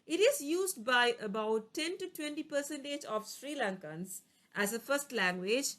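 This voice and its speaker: A woman teaching vocabulary in a bright, fairly high voice that rises and falls a lot. She works through word lists one by one, giving a short explanation and an example for each. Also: animated, unhurried. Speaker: English teacher. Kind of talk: reading a vocabulary lesson.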